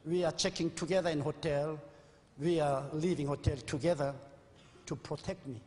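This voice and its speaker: A man's voice: on the high side, steady tone, moderate pace, a little mellow. A man in his sixties, a pastor preaching an earnest, confessional sermon in a church sanctuary. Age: 60s. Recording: old VHS recording with long reverb.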